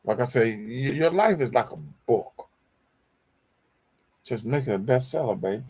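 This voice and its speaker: A man's voice: medium pitch, lively intonation, measured pace, pauses often, a little mellow, breathy edge. A middle-aged man hosting a motivational talk show, preachy and repetitive, calling his listeners y'all. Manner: preachy, repeats phrases, addresses audience as y'all. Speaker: show host.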